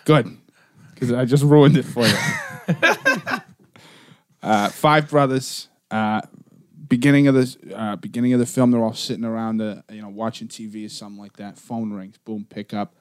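A brash man swearing his way through a comedy debate, talking over the others as he pitches a story. His voice sits at an ordinary pitch and is recorded dry and close, with no room sound around it. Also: steady tone, fairly quick, darkish tone, smooth, no room sound.

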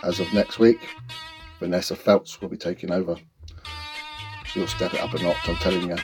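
A man's voice: low voice, moderate pace, over loud music. Rambling self-mocking man. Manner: deadpan, self-deprecating, rambling. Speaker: radio show host. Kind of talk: self-mocking comic monologue.

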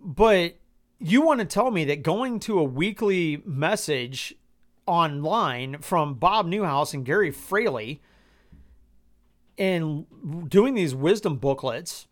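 Exasperated man ranting with frequent swearing. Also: a little high. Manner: exasperated, swears a lot, stammering restarts; incredulous rhetorical questions. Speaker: podcast host. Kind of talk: personal commentary podcast.

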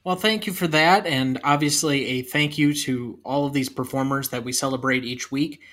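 A man's voice: medium pitch, normal speed, a bit bright. A man co-hosting a podcast about movies, chatting casually and reading quotes aloud with some flair. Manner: reads movie quotes aloud in a lightly acted voice. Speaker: podcast co-host. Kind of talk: casual film discussion.

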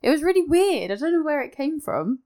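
A woman's voice: sits high, big pitch swings, brisk, mellow. A woman co-hosting a podcast in casual chat, giggly and bubbly as she talks. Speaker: podcast co-host.

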